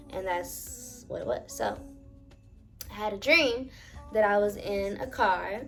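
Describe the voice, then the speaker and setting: A young woman vlogger narrating a personal paranormal story in a dramatic, animated way, talking straight to her viewers and swearing freely. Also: mid-range voice.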